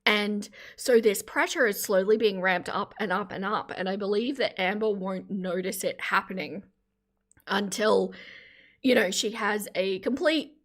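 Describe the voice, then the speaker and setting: A woman's voice: medium pitch, a little slow, a bit bright. A woman in her thirties hosting a casual reaction livestream, chatty and opinionated, thanking viewers as she talks.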